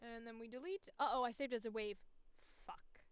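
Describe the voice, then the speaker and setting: A woman's voice: on the high side, normal speed, clear, resonant tone, no room sound. A young woman voice actor streaming casually, profane and self-mocking, muttering to herself at a close mic. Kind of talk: casual live-stream chat.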